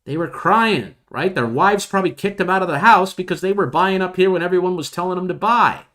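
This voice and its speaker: A man's voice: sits high, fairly quick, fairly bright tone. A man hosting a live trading stream, talking animatedly and mocking impatient retail traders. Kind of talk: live stream market commentary.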